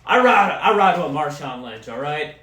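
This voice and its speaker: A young man hosting a podcast, ranting casually and profanely as an excitable sports fan. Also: on the high side, moderate pace, roomy sound. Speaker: podcast host. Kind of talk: casual solo rant.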